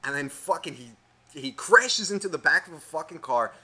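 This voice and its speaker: A young man co-hosting a podcast, telling a story in a casual, profane, animated rant. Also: a little high, normal speed, husky. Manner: swears constantly, animated ranting. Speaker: podcast co-host.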